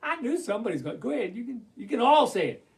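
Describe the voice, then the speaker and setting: A man telling a children's story as a puppeteer, animated and calling out to the audience to join in. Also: extremely high pitch, racing. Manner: animated, call-and-response with the audience.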